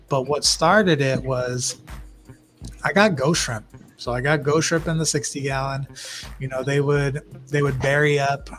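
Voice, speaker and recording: Guest voice: young man, mid-pitched, rambling and animated, acts out little quotes as he goes, faint music behind. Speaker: guest shrimp breeder. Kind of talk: casual livestream interview.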